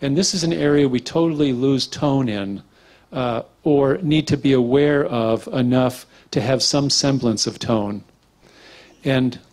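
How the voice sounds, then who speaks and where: Loose-talking man giving a bodywork lecture, middle pitch, wanders off into stories and plays out what clients say. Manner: relaxed, rambling, acts out quotes. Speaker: structural integration teacher. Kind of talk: casual lecture with anecdotes.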